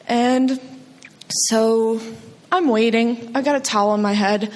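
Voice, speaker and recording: Woman storyteller, from New Jersey, wry and self-mocking, slightly high voice, live in a reverberant hall. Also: slow pace, pauses often. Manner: self-deprecating, jumps high for quoted voices. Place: stage in a hall.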